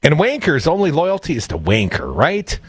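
A man co-hosting talk radio, sarcastic and animated, his pitch swinging widely. His voice is husky and fairly high. The studio sound is dry and close. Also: moderate pace, no room sound. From Madison, Wisconsin. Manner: animated, sarcastic, reads news aloud. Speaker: radio co-host. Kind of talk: casual political talk radio.

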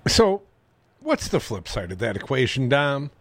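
A man's voice: medium pitch, huge pitch swings, measured pace, vocal fry, no room sound. A man hosting political talk radio, reading news and adding sarcastic, opinionated asides.

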